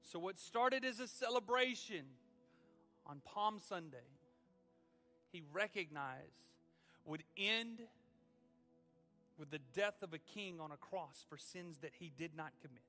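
A man's voice: sits high, lively intonation, pushed and bright, big-room sound, faint music behind. A man, a student pastor, preaching a dramatic, emphatic sermon in a church. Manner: dramatic, emphatic, drawn-out phrasing.

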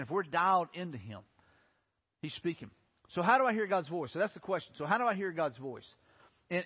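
A man with a high, husky voice preaches a sermon in an earnest way that builds to impassioned pleading. His voice carries a long reverb in a large hall. The sound is dull and lo-fi. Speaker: pastor.

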